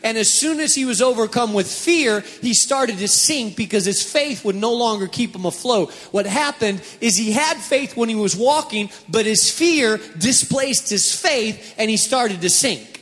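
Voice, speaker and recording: A man's voice: high-pitched, expressive, a little slow, few pauses, a bit bright, long reverb tail, faint music behind. A man preaching a sermon as a pastor, telling Bible stories dramatically and asking his listeners direct questions. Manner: dramatic storytelling, acting out panicked voices; asks the congregation direct questions.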